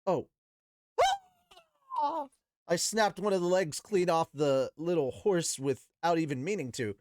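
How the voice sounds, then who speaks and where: Man reading a novel aloud with profane asides, lively pitch, dry close mic. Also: a little slow, dry recording. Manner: animated, profane, laughing asides. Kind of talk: book reading with casual commentary.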